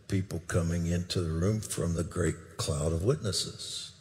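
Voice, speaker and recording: A man's voice: low-pitched, fairly even intonation, unhurried, few pauses. An older man preaching a sermon, recounting a dream with emphatic bursts and questions to the crowd. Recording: long hall reverb.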